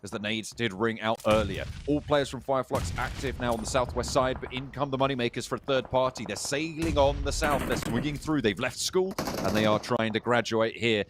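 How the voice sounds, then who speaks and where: Brit guy calling esports action, brisk and a bit jokey, slight background hiss. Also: medium pitch. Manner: brisk, jokey, building excitement on big plays. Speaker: esports caster. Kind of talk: live play-by-play commentary.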